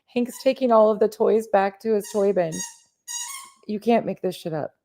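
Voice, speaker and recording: A woman's voice: medium pitch, moderate pace, mellow, slight background noise. A woman co-host chatting casually on a live stream, giving amused running commentary and swearing casually.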